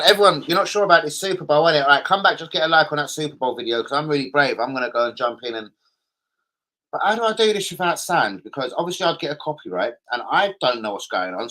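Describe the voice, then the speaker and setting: A young man, hosting a loose, sweary live stream and shouting out his viewers. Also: mid-range voice, low-quality recording. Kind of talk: casual live stream chat.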